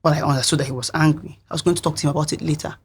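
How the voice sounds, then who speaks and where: A young woman, a reality show contestant, recounting events in an interview in an earnest, reflective way, with a husky voice. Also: low voice, fairly even intonation, very fast.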